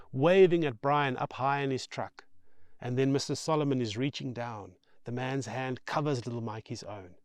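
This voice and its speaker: A man reading his own novel aloud in steady, expressive audiobook narration. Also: medium pitch, dry recording.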